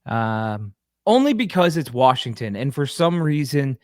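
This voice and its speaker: A man co-hosting a sports podcast, talking quickly and swapping stories. His voice is ordinary in pitch and recorded very dry and close. He sounds loose and conversational. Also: sing-song, no echo. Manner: quick, storytelling, mimics people. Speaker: podcast co-host. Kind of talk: casual sports chat.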